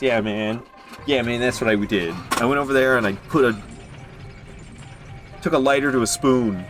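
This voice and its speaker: A man's voice: mid-range voice, moderate pace, long pauses, music in the background. A man streaming a video game, rambling and joking through casual commentary and swearing freely.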